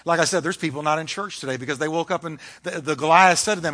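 Fiery, bright-voiced male pastor preaching. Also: a little high, quick pace, hardly any pauses. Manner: fiery, emphatic preaching with dramatic shifts. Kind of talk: sermon.

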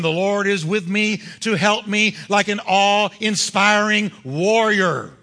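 High, bright-voiced preaching pastor. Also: male voice, takes it slowly. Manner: emphatic preaching, building to forceful climaxes. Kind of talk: sermon. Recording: long hall reverb.

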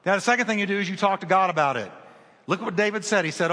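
A man preaching a sermon as an animated storytelling pastor who repeats phrases for emphasis, in a reverberant hall. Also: high voice, racing.

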